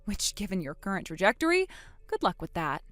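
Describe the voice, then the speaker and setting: A woman narrating a text message story as the wife, trading sharp, sarcastic comebacks. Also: medium pitch, big pitch swings, brisk, dry recording.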